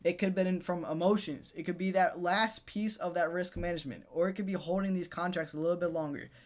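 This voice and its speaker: A man's voice: high-pitched, steady tone, brisk. A young man coaching day traders in a casual motivational talk, repeating himself and ending points with "right?" and "dude". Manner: repetitive, pep-talk, tags "right?" and "dude".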